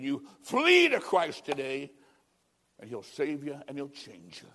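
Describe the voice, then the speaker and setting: A man preaching with a fairly high voice, telling his own story in plain words. He pleads with his listeners and swings between emphatic peaks and hushed, intimate moments. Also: big pitch swings, a little slow. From American Midwest. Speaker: evangelist preacher. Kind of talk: sermon with personal testimony.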